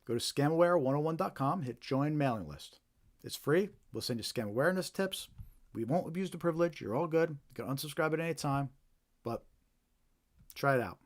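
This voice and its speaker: A man's voice: a little high, lively intonation, brisk. A man hosting a live stream, reading viewer reports aloud in an informal way, with fillers and restarts. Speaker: host.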